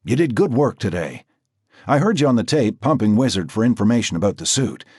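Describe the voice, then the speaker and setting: Read by a man, a tough undercover cop speaks in a lowish, husky voice with a wry, understated edge and a lively lilt. The audiobook sound is close and dry. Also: fairly quick, dry recording. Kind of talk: audiobook character voice.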